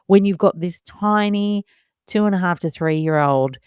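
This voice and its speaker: Low-voiced woman telling a lively story. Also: measured pace, smooth, no room sound. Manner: animated, laughing often, acts out her own inner thoughts. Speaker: podcast host and mother. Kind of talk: casual storytelling monologue.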